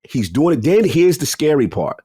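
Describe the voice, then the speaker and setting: A man's voice: fairly high pitch, very animated, normal speed, dark tone, slightly rough, dry recording. A man co-hosting a podcast, telling a story in slang, acting out the people in it and laughing often. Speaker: podcast co-host. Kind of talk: animated storytelling chat.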